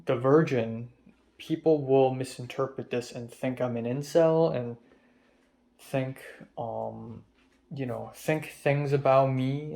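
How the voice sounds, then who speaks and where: A tired young man rambling and swearing in a soft-spoken confessional vlog about his stress. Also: mid-range voice, gravelly. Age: young adult. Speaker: vlogger. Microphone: phone camera.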